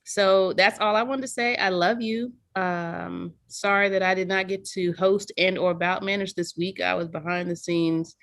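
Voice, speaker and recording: Thirtysomething woman on a zoom call, lowish bright voice, playful and teasing, swears casually. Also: steady tone, normal speed, few pauses, dry recording, clean studio sound. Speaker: slam organizer. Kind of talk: casual livestream thank-you speech. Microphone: video call.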